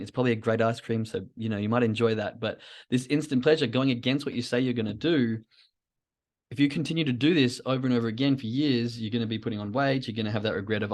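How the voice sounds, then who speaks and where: A man hosting his own podcast, talking through ideas in a rambling, reflective solo monologue with asides to himself. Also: medium pitch. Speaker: podcast host.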